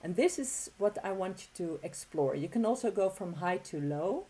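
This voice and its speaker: A woman giving a relaxed, encouraging music lesson, talking casually with frequent fillers and restarts. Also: on the low side, moderate pace, low-quality recording. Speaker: didgeridoo teacher.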